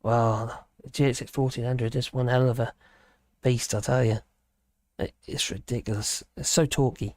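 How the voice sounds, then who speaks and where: A man's voice: medium pitch, fairly even intonation, moderate pace, a little mellow, dry recording. A man hosting a casual live stream, chatting in a rambling way and reacting to viewers' comments with chuckles. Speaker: livestream host.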